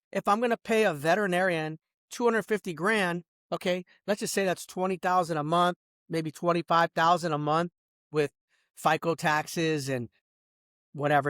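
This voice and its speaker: A man's voice: high-pitched, fairly bright tone, no room sound, clean studio sound. A man delivering a heated, boastful and profane rant about his businesses, calling the listener bro and dog, and swinging between outbursts and mutters. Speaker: business owner ranting. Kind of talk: profane rambling rant to camera.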